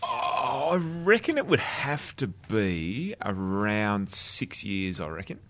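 A man's voice: on the low side, big pitch swings, takes it slowly, bright, forceful tone. An Australian man in his thirties, co-hosting a podcast and chatting in a self-deprecating, joking way. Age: 30s. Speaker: podcast co-host. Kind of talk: casual podcast chat.

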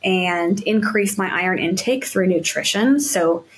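Woman podcast guest, runner and yoga teacher; relaxed, upbeat, chatty with lots of fillers. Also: lowish voice, a little slow. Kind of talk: casual interview chat.

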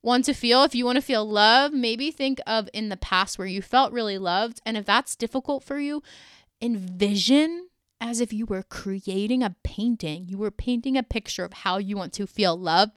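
A woman's voice: mid-range voice, normal speed, fairly bright tone, clean tone, no echo, clean studio sound. A woman hosting a solo podcast episode, speaking to listeners in an earnest, emotional, encouraging way. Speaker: podcast host and energy coach.

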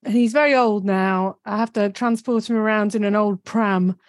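A woman in her forties with a Northern English accent, a guest on a video call, quick-witted and self-mocking. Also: mid-range voice, dry recording. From England, living in Australia. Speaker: guest, business coach.

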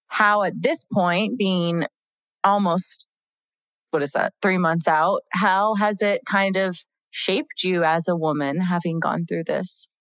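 A woman's voice: fairly low pitch, slow, a bit bright, dry recording. A woman hosting a casual interview who reacts with short comments and laughs along. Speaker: podcast host.

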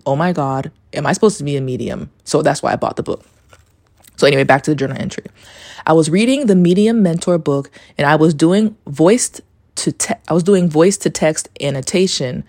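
A woman's voice: low voice, a little mellow, no room sound. A woman hosting a casual solo podcast, telling a story in a rambling way. She fills her talk with "like" and swears casually. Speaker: podcast host.

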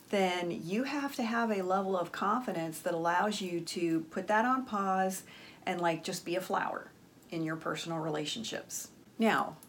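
A woman's voice: fairly low pitch, slight background noise. A woman hosting a relationship advice channel, talking emphatically to viewers and checking in with "okay?". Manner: emphatic, frequent "okay?" check-ins, acts out quoted dialogue. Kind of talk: direct-to-camera advice talk.

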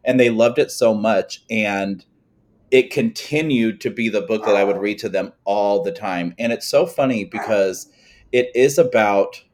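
Enthusiastic podcast host chatting from home. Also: male voice, on the low side, darkish tone, a little hiss or hum. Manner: enthusiastic, quick to agree. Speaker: podcast host, former teacher. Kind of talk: casual conversation. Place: at home with dogs nearby.

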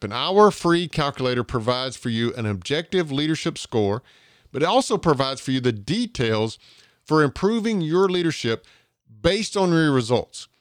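A man's voice: mid-range voice, no echo, clean studio sound. A man with a Southern US accent from Georgia, hosting a podcast interview in an earnest way and often restarting his phrases. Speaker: podcast host.

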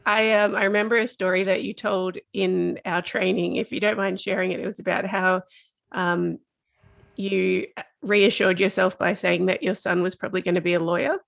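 A woman's voice: mid-range voice, little pitch movement, normal speed, gravelly. A woman hosting a podcast, chatting casually and laughing easily. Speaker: podcast host. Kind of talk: casual interview chat.

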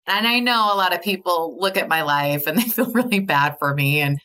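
A woman's voice: fairly low pitch, animated, a little fast, bright, forceful tone. A woman guest telling personal stories in an earnest, chatty way, full of likes and you knows, often breaking into laughter. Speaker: podcast guest. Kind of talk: candid conversational storytelling.

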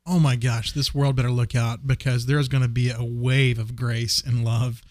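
A man's voice: mid-range voice, flat delivery, normal speed, dry recording, studio quality. A man in casual conversation, speaking with passion and emphasis, often repeating words as he builds a point. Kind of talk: casual faith discussion.

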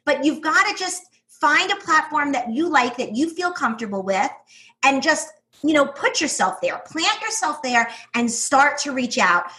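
A woman with a New York accent speaks as an interview guest. Her voice sits high and sounds bright. She talks with enthusiasm and emphasis. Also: expressive, normal speed. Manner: enthusiastic, emphatic, laughs often. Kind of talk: casual interview talk.

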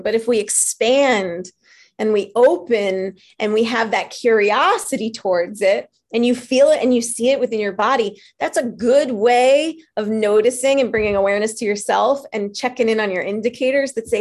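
Woman life coach, fairly high voice, earnest, animated storyteller. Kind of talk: motivational talk.

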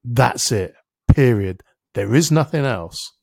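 A man's voice: mid-range voice, animated, slow, vocal fry, a little mellow, husky, no room sound, studio quality. A middle-aged man, a podcast guest, telling a personal story vividly and acting out his own inner voice, with casual swearing. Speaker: interview guest, helps people with their thinking. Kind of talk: reflective storytelling in a podcast conversation.

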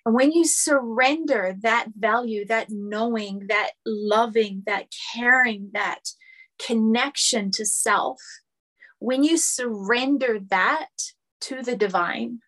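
Woman spiritual teacher, fairly high voice, slow and earnest lecturing with repeated phrases. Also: fairly bright tone. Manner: earnest, repetitive, building phrases.

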